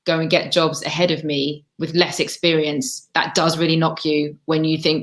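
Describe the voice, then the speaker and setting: Woman, deep for a woman, earnest and frank, webinar panel guest on a video call. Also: little pitch movement, moderate pace, hardly any pauses. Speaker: panel guest, TV camera operator.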